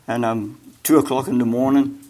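Halting and full of fillers and repeated words, an older man preaches a sermon that includes personal testimony. His mid-range voice is delivered flatly, rising in volume and emphasis whenever he exhorts.

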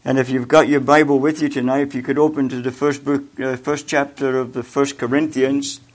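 An older preacher's sermon, featuring personal testimony, comes in a medium-pitched, flat delivery. He stumbles along with many fillers and repeated words. When he exhorts, he becomes louder and more emphatic.

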